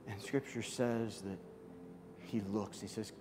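A man preaching a sermon, dramatic, swinging from loud, high outbursts to soft, hushed passages. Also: fairly even intonation, slow, long reverb tail, background noise. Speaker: pastor.

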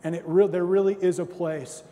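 A man's voice: sits high, flat delivery, a little fast, dark tone. A man in his thirties preaches in a slightly raised voice. He is conversational and self-deprecating, and he acts out little stories. His voice rings with the long reverb of a large hall. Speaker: pastor. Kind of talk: sermon.

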